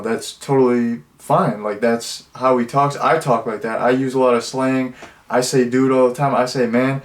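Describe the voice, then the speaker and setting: Young male reviewer, mid-range voice, loose and rambling, full of filler words. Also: medium pitch. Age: 20s. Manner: rambling, heavy with fillers and restarts. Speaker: movie reviewer. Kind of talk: casual spoken review.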